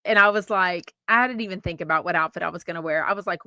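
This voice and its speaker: A woman's voice: on the low side, fast, sharp tone, clean tone, dry recording. A woman from Texas hosting a podcast, chatting casually and reading out comments in a rambling way with fillers and restarts. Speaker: podcast host. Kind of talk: casual live-stream chat, reading comments.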